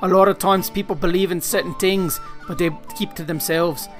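A man's voice: high-pitched, fairly even intonation, moderate pace, faint music behind, lightly acted. A man putting on an exaggerated Irish accent to play a boastful Irish male fighter in a casual podcast bit. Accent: put-on Irish. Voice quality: exaggerated, self-mocking accent.

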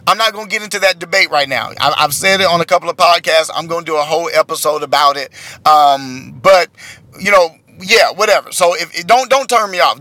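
A man's voice: fairly high pitch, sharp tone, no echo. Chatty man ranting from his car. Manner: rambling, exasperated, heavy fillers. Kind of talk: casual chat.

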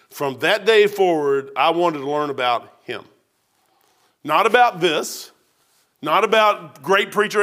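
Man, 50s, pastor; homespun, joking sermon in church, high bright tone. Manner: folksy storytelling, self-deprecating humor.

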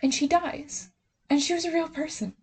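A woman's voice: high-pitched, steady tone, moderate pace, a little mellow. A young woman co-hosting a podcast, chatting casually and animatedly about a TV series, often laughing. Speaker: podcast co-host. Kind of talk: casual chat recapping a TV show.

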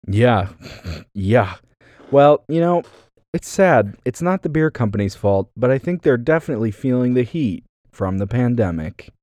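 A man's voice: medium pitch, lively intonation, moderate pace, a little mellow, no room sound. A man co-hosting a podcast in a casual, joking chat, counting down a list. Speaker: podcast co-host.

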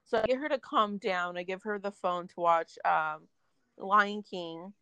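A young woman vents her way through a story in relaxed conversation, full of filler words and blunt swearing. Her voice sits in a middle pitch. The sound is dry and close, with no room around it. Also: a little slow, smooth, dry recording. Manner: animated venting, heavy filler words, swearing. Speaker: storyteller in a casual chat. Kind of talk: casual chat.

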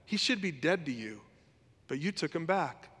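A man's voice: high-pitched, big pitch swings, fast, a bit bright, big-room sound, voice pushed up, heavily acted. A man putting on the voice of a resentful, self-pitying older brother, whining and indignant. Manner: whiny, indignant pleading.

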